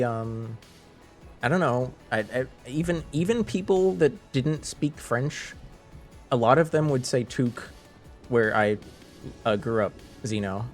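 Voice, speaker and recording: A man chatting casually with viewers on a live stream, rambling, laughing and restarting his sentences. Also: mid-range voice.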